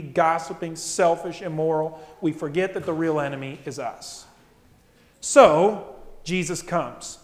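A male pastor giving a conversational sermon, often tagging his points with "right?" and "okay?". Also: high voice. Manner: conversational, frequent tag questions. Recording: echoey hall.

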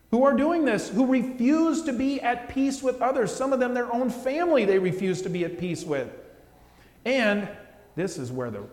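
A man preaching a sermon as pastor, talking directly and earnestly to the congregation and dropping to soft, hushed phrases for emphasis. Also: on the high side. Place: church sanctuary. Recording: echoey church with long reverb.

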